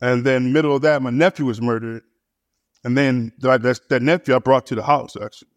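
A man talks through his story as a pastor, stumbling over repeated words and fillers between phrases. His voice sits at an ordinary middle pitch and sounds close and dry, with no room echo around it. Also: steady tone, brisk. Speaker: pastor and church planter. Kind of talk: casual conversational storytelling.

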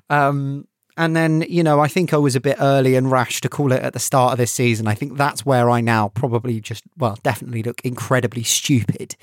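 A man's voice: mid-range voice, steady tone, no echo. Guy on a football podcast, stumbles and restarts, dry close sound. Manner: halting, restarts a lot, searching for words. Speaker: podcast co-host. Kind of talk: casual football chat.

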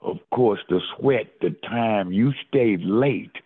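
Gravelly older man telling stories over a phone line. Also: fairly low pitch, slow pace. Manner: animated storyteller who keeps addressing the host by name. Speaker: interview guest, former football player. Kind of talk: storytelling in a casual interview.

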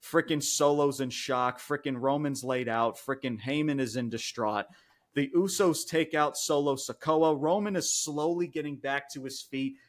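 Guy on a wrestling podcast hyping up the recap, swears a ton, lots of like and frickin', average pitch. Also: normal speed. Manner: excited, swears a lot, many fillers. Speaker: podcast co-host reviewing wrestling. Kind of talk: casual chat, recapping a show.

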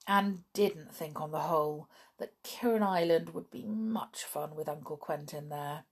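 A woman reading a children's book aloud in measured storybook narration. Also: deep voice, slightly rough. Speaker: audiobook narrator.

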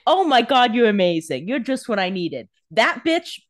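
A crude, gloating ancient male villain, as a woman puts him on, profane and delighted with himself. The voice is pushed up above her usual pitch. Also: very animated, moderate pace.

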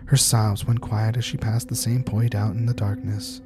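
Guy reading a creepy story slow and tense, music going under it. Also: on the low side, little pitch movement. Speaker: narrator. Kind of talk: scripted horror story narration.

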